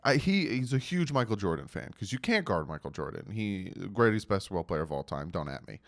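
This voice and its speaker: A man giving casual sports commentary in a vlog, animated and mocking, reading out quotes with emphasis. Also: lowish voice, a little fast. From United States.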